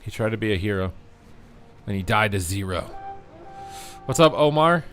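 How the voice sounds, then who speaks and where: A man's voice: lowish voice, animated, normal speed, faint music behind. A man streaming a video game, chatting casually with viewers while he plays, cracking jokes and swearing now and then. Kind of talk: casual live gameplay commentary.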